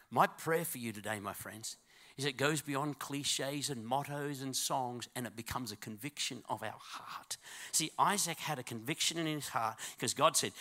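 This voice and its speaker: A man preaching a sermon in a church, swinging from loud, drawn-out exhortation to quiet, close talk and calling on the congregation to respond. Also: fairly high pitch, expressive. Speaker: pastor.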